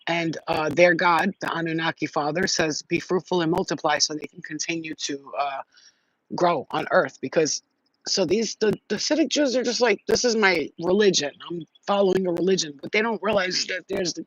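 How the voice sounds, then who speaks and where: A woman hosting a casual spiritual livestream, talking in an animated, slangy way, swearing and laughing often. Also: lowish voice, moderate pace, dry recording, low-quality recording. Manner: animated, slangy, swears, laughs often, many "you know what I'm saying". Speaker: spiritual channel host.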